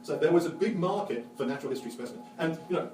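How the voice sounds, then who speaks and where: Rapid-fire and a little high, a man's natural voice brings a witty Victorian naturalist to life in a lively, animated, theatrical lecture laced with jokes. Recorded from afar in an echoey museum lecture hall, the audio carries slight hiss or hum.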